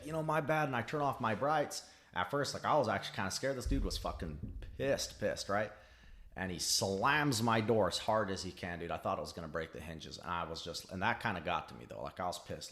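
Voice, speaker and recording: Profane young man telling a story. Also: on the low side. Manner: profane, animated storyteller who acts out quotes. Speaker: podcast guest. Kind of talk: casual storytelling.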